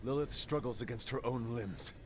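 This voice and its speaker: An actor playing a grave young hero, recounting events in a measured, solemn way. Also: male voice, mid-range voice, noisy background, lightly acted.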